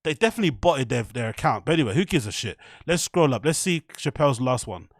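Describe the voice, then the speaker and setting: A man's voice: medium pitch, very animated, quick pace, no room sound, clean studio sound. A young man talking loosely to his live stream chat, laughing often and swearing casually.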